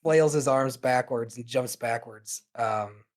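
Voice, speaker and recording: A man's voice: mid-range voice, takes it slowly. A man narrating a tabletop game as game master, casual and full of fillers.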